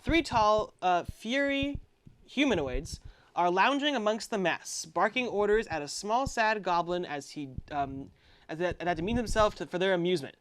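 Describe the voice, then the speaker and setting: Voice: medium pitch, expressive, moderate pace. A game master narrating a tabletop game in a casual way, reading the module aloud with many ums and self-corrections.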